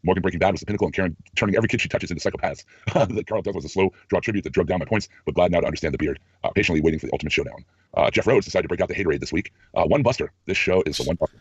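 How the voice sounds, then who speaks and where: A man with a hoarse, scratchy throat, co-hosting a casual podcast and reading out listener ratings offhandedly. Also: low voice, no echo. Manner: rapid, offhand reading with small laughs. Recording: muffled lo-fi recording.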